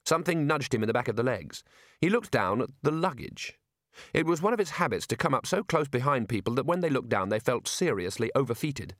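Expressive male audiobook narrator, dry sound. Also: mid-range voice, fairly quick, no room sound. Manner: wry, expressive storytelling. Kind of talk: scripted narration.

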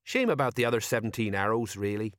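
A man voicing a nervous, rambling middle-aged sergeant who talks in a folksy, drawn-out way. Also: lowish voice, expressive, fairly bright tone, dry recording, clean studio sound.

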